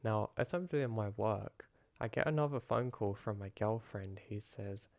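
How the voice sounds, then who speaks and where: A man calmly narrating a first-person horror story in a low-key way. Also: measured pace, vocal fry, no room sound. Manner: calm, low-key retelling.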